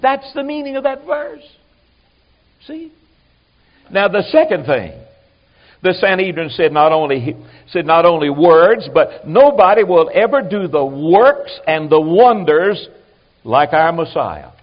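Man, preacher, sermon, animated, fairly high voice, dull lo-fi sound. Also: measured pace. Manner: animated, acts out quoted voices, drops to quiet asides.

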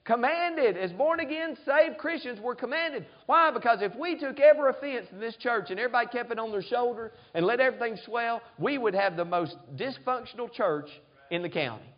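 A man's voice: extremely high pitch, expressive, brisk, hardly any pauses, lo-fi sound. A man preaching a sermon as pastor, often asking the congregation "amen?". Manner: preaching, frequent call-and-response "amen?".

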